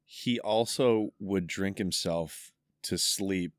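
A man in casual chat, speaking slowly and deliberately while teasing a friend. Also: low voice, dry recording, clean studio sound. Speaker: podcast co-host.

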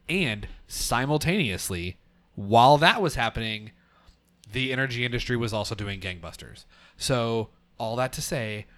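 A man's voice: lowish voice, fairly bright tone. A man hosting a casual political podcast, talking earnestly with frequent restarts. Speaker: podcast host.

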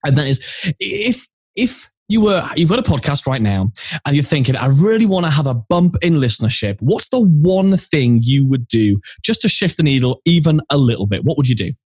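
A man's voice: on the high side, sing-song, normal speed, darkish tone, slightly rough, no room sound. A man co-hosting a podcast, friendly and casual, with frequent short agreements. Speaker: podcast co-host. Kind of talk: casual interview chat.

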